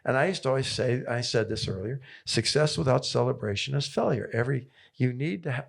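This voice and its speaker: Gravelly older coach, fired up. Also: male voice, mid-range voice. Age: 70s. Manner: enthusiastic, repetitive rallying phrases. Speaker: tennis coach. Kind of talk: interview guest storytelling.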